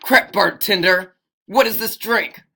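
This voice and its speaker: An amateur storyteller putting on the voice of a hot-tempered young male hero, who shouts in a high, loud voice. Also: animated, drawn-out words, full character voice. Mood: furious. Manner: shouting, indignant.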